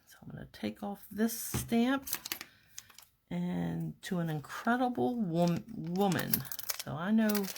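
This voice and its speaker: Slow, low-voiced woman crafting. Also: vocal fry, a little hiss or hum. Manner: calm, step-by-step, talks to herself while working. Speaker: papercraft demonstrator. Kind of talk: card-making tutorial narration.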